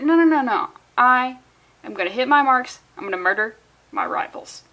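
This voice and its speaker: A woman with a high voice riffs through a comic book review, sarcastic and rambling. She tosses off deadpan jokes in casual, unscripted commentary. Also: normal speed. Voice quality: sarcastic, rambling, jokey asides.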